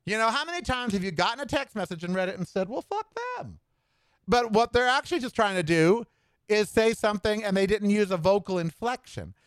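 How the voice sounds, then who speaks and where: A man's voice: high-pitched, fast, smooth, no echo. A middle-aged man hosting a solo podcast, ranting in an indignant, sarcastic way. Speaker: podcast host. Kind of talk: solo opinion rant.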